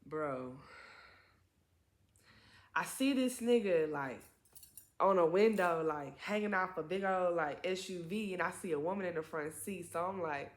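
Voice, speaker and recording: A young woman in casual storytime mode, her everyday voice sitting slightly low. She swears freely and turns animated, leaping up in pitch whenever she acts out a quoted line. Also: measured pace, pauses often, roomy sound. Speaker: vlogger.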